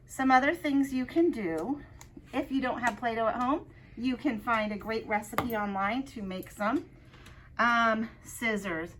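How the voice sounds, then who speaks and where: A woman working as a kindergarten assistant, giving parents practical, warm advice. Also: fairly high pitch, a little hiss or hum. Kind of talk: informational talk to parents.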